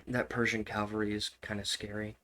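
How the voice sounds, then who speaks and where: A man's voice: lowish voice, flat delivery, a little fast, sharp tone, a little hiss or hum. A man giving casual, swearing commentary while playing a strategy game, repeating himself and laughing often. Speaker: gaming streamer.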